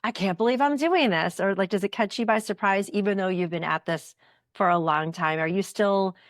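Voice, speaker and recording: A woman hosting a podcast, affirming her guest warmly and asking long, rambling questions. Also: mid-range voice, normal speed, no echo, clean studio sound. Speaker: podcast host. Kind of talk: casual interview chat.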